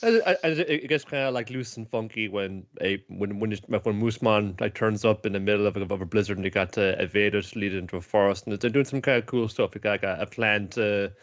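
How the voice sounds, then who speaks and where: A man co-hosting a podcast in casual chat, halting and repeating words as he thinks. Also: on the low side. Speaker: podcast co-host. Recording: dull lo-fi mic.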